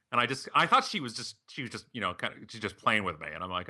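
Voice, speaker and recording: A man's voice: medium pitch, rapid-fire, few pauses. A middle-aged man, a podcast guest and author, chatting casually and acting out the voices of people in his stories. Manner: animated, acts out quoted voices when telling stories. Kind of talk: casual storytelling conversation.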